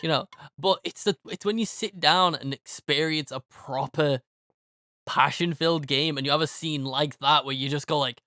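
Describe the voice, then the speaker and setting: A man's voice: a little high, normal speed, bright, forceful tone, no room sound, clean studio sound. A man co-hosting a podcast in casual chat, laid-back and agreeable. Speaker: podcast co-host.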